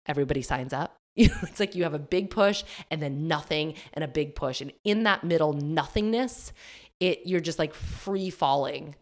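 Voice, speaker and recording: A woman hosting a solo business podcast, chatty and animated, often acting out her own inner voice with fillers and laughs. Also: low-pitched, normal speed. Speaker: podcast host and business coach.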